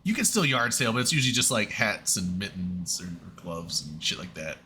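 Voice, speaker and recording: A man's voice: sits low, fairly quick, bright, forceful tone, faint music behind. A man co-hosting a podcast, chatting casually in an easygoing, rambling way with plenty of fillers. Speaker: podcast co-host. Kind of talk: casual group chat.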